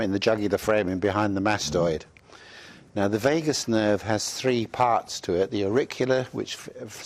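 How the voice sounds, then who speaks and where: A man presenting at a workshop, explaining a technique step by step in an instructive way. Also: lowish voice. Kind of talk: live workshop demonstration.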